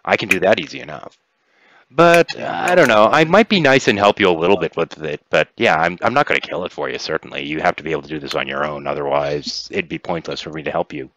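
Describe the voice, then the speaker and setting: A man's voice: low voice, quick pace, a bit bright, highs cut off. A man voicing a mysterious female stranger from another world in a tabletop game, drawling and offhand.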